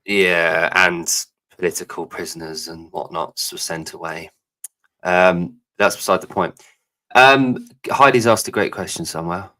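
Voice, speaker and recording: A man's voice: deep voice, steady tone, measured pace, pushed and bright. A man co-hosting a live podcast, rambling, jokey and swearing freely in casual chat. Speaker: podcast co-host.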